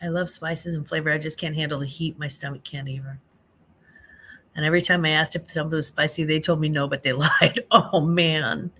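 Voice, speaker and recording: A woman's voice: sits low, fairly even intonation, fairly quick, bright, forceful tone, slight background noise. Sleepy, chatty woman live-streaming late at night. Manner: chatty, reads viewer comments aloud, calls people honey. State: half awake. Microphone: phone.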